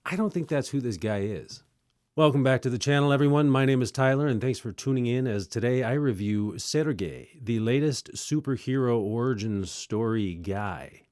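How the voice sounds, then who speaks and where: A young man hosting a casual movie review, sarcastic and animated, with quick joking asides. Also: mid-range voice, no room sound, studio quality.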